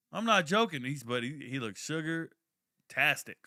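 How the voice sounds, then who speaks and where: Loud, slangy young man reacting live. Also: a little high, a little slow, no room sound, clean studio sound. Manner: animated, slangy and profane, swings into loud outbursts. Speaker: host of a draft watch party stream. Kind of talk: casual live commentary and storytelling.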